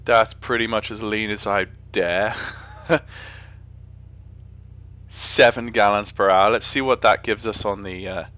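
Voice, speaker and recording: Chatting on a live stream as he flies a simulator, a man from England rambles and keeps correcting himself. His rather low voice stays fairly even in intonation, a little slow and fairly bright.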